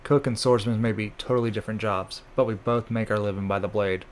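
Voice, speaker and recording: A man's voice: lowish voice, steady tone, fast talker, slight background noise, close to an everyday voice. A man reading the lines of a stern young male swordsman who speaks firmly.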